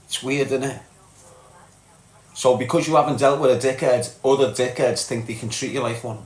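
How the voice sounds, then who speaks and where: A man's voice: medium pitch, fairly even intonation, moderate pace, roomy sound. A man with a Scouse accent from Liverpool, hosting a live stream and chatting bluntly to viewers, reading out comments and swearing freely. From Liverpool, England. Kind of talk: casual live chat.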